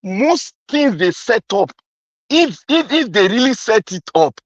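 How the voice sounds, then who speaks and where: A man's voice: high-pitched, sing-song, measured pace, no room sound, highs cut off. A Nigerian man delivering an impassioned, accusatory political rant, repeating his points with heat. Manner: fiery, accusatory, repetitive. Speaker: commentator.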